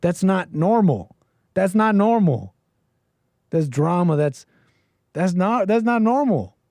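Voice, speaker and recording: Man on a solo stream, ranting, lots of restarts and loud spikes; voice sits a bit high and sounds dry and close. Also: dry recording. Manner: animated, rapid restarts, sudden loud bursts. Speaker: livestream host. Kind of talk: ranting commentary.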